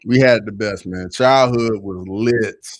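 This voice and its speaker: A young man with a Southern accent, hosting a casual livestream and reading chat, loose and slangy, jumping to loud excited bursts. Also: fairly low pitch, a little slow, dry recording.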